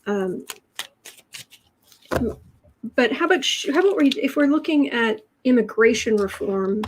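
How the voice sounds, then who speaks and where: A woman with a Chicago accent hosting a live tarot reading and answering chat questions in a chatty, wry way, often trailing off and restarting. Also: fairly high pitch. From Chicago, USA. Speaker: tarot and astrology livestream host. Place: home room with adjustable lighting.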